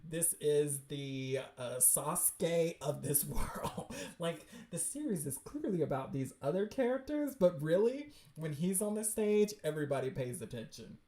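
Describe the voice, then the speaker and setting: Male streamer, animated and slangy, laughs often, unhurried delivery, echoey room. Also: on the high side. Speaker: livestream host reading webcomics. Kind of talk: excited dramatic reading and reactions.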